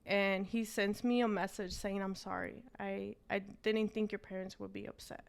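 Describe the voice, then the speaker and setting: A woman's voice: mid-range voice, flat delivery, normal speed, vocal fry. A woman, a business owner telling her story as an interview guest and switching between English and Spanish.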